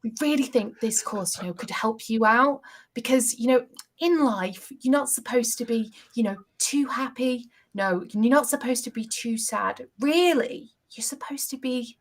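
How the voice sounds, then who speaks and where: A woman voicing a smooth-talking female church registrar who coaxes softly in a hushed delivery, during a podcast chat. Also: fairly high pitch, unhurried, pitched above the performer's own voice. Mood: coaxing.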